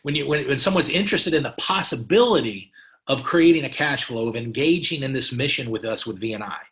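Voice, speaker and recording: A middle-aged man coaches sales partners in a motivational training talk. He is emphatic and repeats his key phrases, often restarting his sentences as he pushes his point. His voice sits at an ordinary middle pitch. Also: animated, a little fast, fairly bright tone. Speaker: company president giving partner training.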